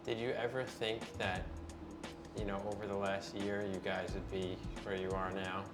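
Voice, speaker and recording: A man's voice: low voice, flat delivery, normal speed. Conversational male interviewer over music. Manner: conversational, summarizing and prompting. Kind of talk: interview questions. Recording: music bed under the talk. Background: background music.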